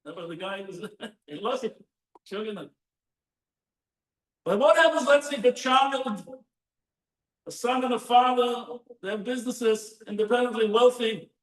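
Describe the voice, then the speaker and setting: A high-voiced male rabbi delivers a sermon, telling stories animatedly and firing rhetorical questions at his listeners. The mic sits well away from him in an echoing synagogue hall, so the room rings around every phrase. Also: unhurried, pauses often. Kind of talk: Torah sermon. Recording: roomy echo, distant mic.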